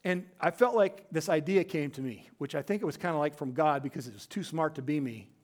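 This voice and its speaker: A male pastor preaching a sermon in a storytelling way, acting out quoted voices and dropping to a quiet, low voice for emphasis. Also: brisk.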